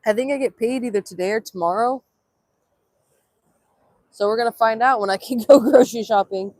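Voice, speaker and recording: A woman's voice: fairly high pitch, fairly quick, a little mellow, no echo. A young woman chatting casually on a livestream outdoors at sunrise, reading chat aloud in a playful way, filmed on a handheld phone. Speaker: livestream vlogger.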